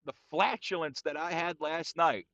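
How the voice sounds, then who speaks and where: A man's voice: fairly high pitch, moderate pace, a bit bright, dry recording, highs cut off. A man hosting a casual solo podcast rant, talking in a crude, profane and boastful way, calling everyone "dude". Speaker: podcast host.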